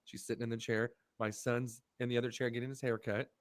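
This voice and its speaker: Profane, animated man telling stories. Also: medium pitch, fast, no echo. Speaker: podcast co-host. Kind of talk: casual podcast chat.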